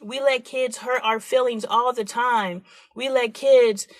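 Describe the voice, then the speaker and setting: Frank, animated woman in her forties. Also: fairly high pitch, measured pace, dry recording. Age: 40s. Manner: frank and animated, acts out quoted voices. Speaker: livestream host. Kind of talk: candid live-stream talk.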